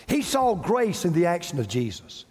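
A man preaching a sermon as pastor, with dramatic pauses and repetition. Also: high-pitched, huge pitch swings, darkish tone, husky, in a large hall.

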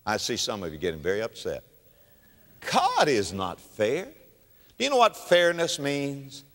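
Male preacher, sermon storyteller, animated and repetitive, forceful tone, reverberant hall. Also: mid-range voice, a little slow. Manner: emphatic storytelling with repeated phrases. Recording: long reverb of a large hall.

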